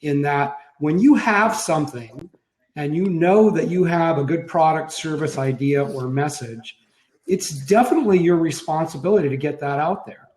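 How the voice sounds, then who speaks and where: Man, webinar co-host, easygoing, slightly high voice, roomy echo. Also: moderate pace, darkish tone. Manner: easygoing, with small restarts and chuckles. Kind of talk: casual webinar talk.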